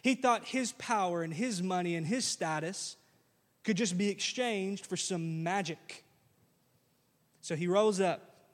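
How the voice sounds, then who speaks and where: A man with a high, light voice delivers a sermon in a big hall with a long ringing reverb. He tells the story with animated, slangy asides and acts out the characters as he goes. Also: slow pace, long pauses. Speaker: pastor.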